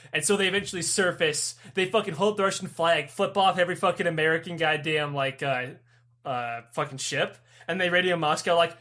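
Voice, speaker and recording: Young male podcast co-host, high voice, swears freely, acts out every character in his stories. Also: fairly quick. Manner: profane, animated storytelling with voiced characters. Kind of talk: casual chat.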